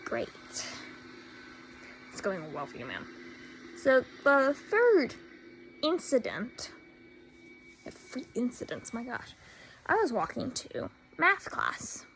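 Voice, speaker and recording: Indignant teen girl with a gravelly voice. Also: fairly high pitch, huge pitch swings, slow, long pauses, fairly bright tone, slight background noise, rough recording. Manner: indignant, sarcastic, repeats herself for emphasis. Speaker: vlogger. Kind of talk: storytime rant.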